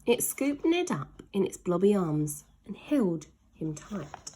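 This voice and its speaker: A woman reading a children's story aloud in an expressive, dramatic storytelling manner. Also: medium pitch, slow pace, a little hiss or hum.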